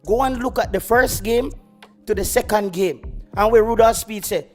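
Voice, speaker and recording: A Jamaican football YouTuber rants heatedly and boastfully on a livestream, slipping into patois. His voice sits high and a little mellow at normal speed, with soft music in the background.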